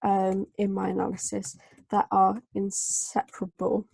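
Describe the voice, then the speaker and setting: A woman tutor, running a live online group lesson and dictating analysis slowly with many fillers. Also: medium pitch, monotone, gravelly, darkish tone, husky, dry recording. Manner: slow, hesitant dictation with many fillers while writing. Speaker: English tutor.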